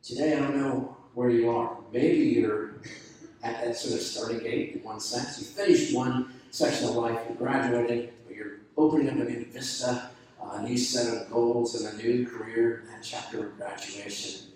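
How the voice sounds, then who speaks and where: A man's voice: mid-range voice, steady tone, normal speed, darkish tone. An earnest male preacher delivering a sermon, stressing points with repeated phrases. His voice rings through a very echoey space and is picked up from a distance. Faint ambient noise sits behind him. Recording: echoey room heard from afar.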